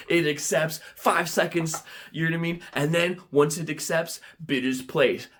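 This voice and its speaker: A young man telling an animated vlog story, excitable and prone to sudden dramatic squeals and shouts. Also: a little high, normal speed. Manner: excitable, with big dramatic squeals and shouts when quoting himself. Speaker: vlogger.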